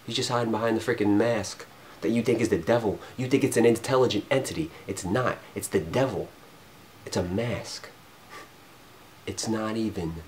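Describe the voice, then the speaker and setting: A man going off in an unscripted spiritual rant, rambling and cursing, swinging between loud emphasis and low mutters. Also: slight background noise. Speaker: vlogger.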